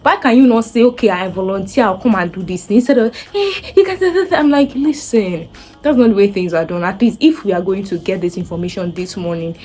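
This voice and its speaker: Animated Nigerian woman vlogger. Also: medium pitch, brisk. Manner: animated, acts out quoted voices. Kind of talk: casual storytelling to camera.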